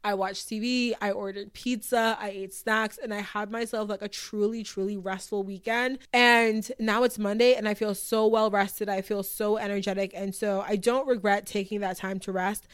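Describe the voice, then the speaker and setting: A woman's voice: mid-range voice, steady tone, normal speed, few pauses, smooth. A woman hosting a solo podcast, talking in a chatty, upbeat way full of "like" and "okay". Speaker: podcast host. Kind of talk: casual solo podcast talk.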